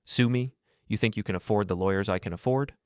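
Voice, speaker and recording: Man playing a smug, arrogant lover, taunting, a touch higher than his low voice, dry. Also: fast, a little mellow, smooth, dry recording, close to an everyday voice. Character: arrogant smug lover, smooth-talking and cruel.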